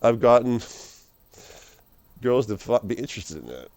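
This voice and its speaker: A man's voice: mid-range voice, big pitch swings, moderate pace, a little mellow, slight background noise. A man rambling casually to camera as a vlogger, laughing often and calling the listener dude and man.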